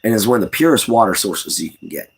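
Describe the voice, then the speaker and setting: A man's voice: lowish voice, expressive, fast, vocal fry, husky. A young man with a Southern US accent, chatting in a rambling, folksy way on a livestream and chuckling as he answers the chat. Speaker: livestream host.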